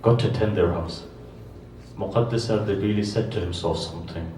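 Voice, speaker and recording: A man giving a religious sermon to a gathering, telling stories with animated swings between loud emphasis and quiet asides. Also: fairly low pitch, normal speed. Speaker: religious lecturer. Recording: echoey hall, distant mic, faint background noise.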